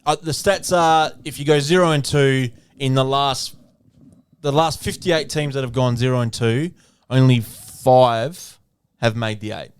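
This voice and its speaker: A man's voice: medium pitch, unhurried, clean tone, dry recording. An Australian man co-hosting a podcast, explaining things and quoting stats in casual chat with some swearing. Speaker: podcast co-host.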